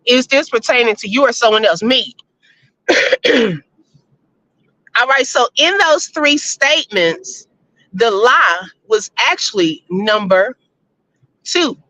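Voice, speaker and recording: A woman hosting a casual live-stream chat, reading viewer votes and telling stories, animated and laughing often. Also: on the high side, takes it slowly, pauses often, no room sound. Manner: chatty, animated, laughs often, addresses listeners as y'all. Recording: slightly muffled lo-fi audio.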